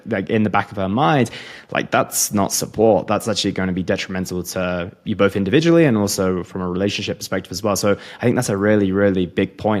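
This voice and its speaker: A man hosting a podcast, reflecting back on what his guest said in a measured, summarizing way. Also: on the low side. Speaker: podcast host. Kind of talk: interview talk.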